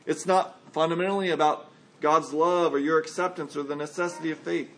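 A man's voice: fairly high pitch, fairly even intonation, a little fast, a little hiss or hum, rough recording. A man preaching a sermon in church as pastor, earnest, with rhetorical questions and quoted voices acted out.

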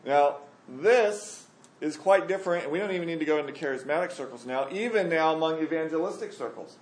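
A man's voice: fairly high pitch, lively intonation, brisk. Man, conversational Bible study teacher, emphatic, questions the group, echoey room.

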